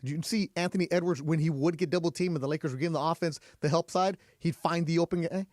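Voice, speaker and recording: A man hosts a sports radio show from the studio. His voice sits a little on the high side, and he drives his points with punchy rhetorical questions. The sound is close and dry with no room around it. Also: steady tone, fast talker, darkish tone, dry recording. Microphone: studio microphone.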